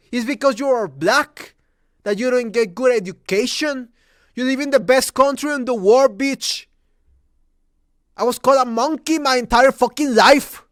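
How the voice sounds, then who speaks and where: A man's voice: very high-pitched, measured pace, long pauses, fairly bright tone, no room sound, clean studio sound. A man from Mexico, hosting a movie review and ranting heatedly with heavy swearing.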